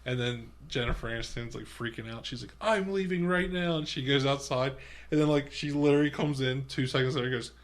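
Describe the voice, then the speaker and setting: Podcast co-host, male, chimes in with quick recalls. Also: medium pitch, little pitch movement. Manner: chiming in with short agreements and scene quotes. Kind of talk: casual movie podcast chat.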